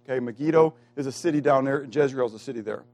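Speaking in a mid-range voice, a preacher keeps questioning his congregation during the sermon and waits for them to respond. He alternates loud, forceful lines with quiet asides, slowing down to emphasize important words.

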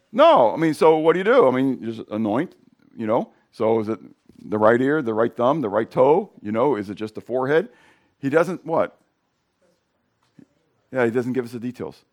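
A middle-aged male pastor with a hoarse voice, preaching in a casual, conversational way and questioning his congregation. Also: mid-range voice. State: hoarse from sinus drainage. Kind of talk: sermon.

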